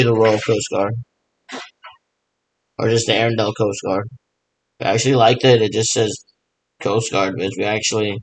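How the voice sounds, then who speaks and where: A man's voice: on the low side, no room sound, poor audio. A man in a rambling, improvised monologue, mimicking radio check chatter and answering himself in a repetitive back-and-forth.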